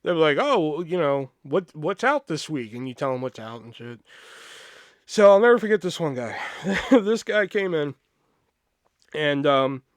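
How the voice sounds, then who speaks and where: With a voice on the high side and normal speed, a man in his thirties hosts a podcast where he tells wandering, funny, swear-filled stories. He sounds animated, and there is no room sound.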